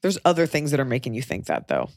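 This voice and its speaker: A woman's voice: a bass voice, sing-song, quick pace, gravelly, darkish tone, no room sound, clean studio sound. A woman hosting a podcast, giving frank advice in casual chat with joking asides. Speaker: podcast host.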